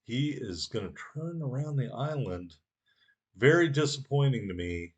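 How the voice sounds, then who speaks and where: Male game commentator at home, excitable, mock-angry at teammates, joking. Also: medium pitch, unhurried, muffled recording. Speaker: gameplay commentator. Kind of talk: game commentary over footage.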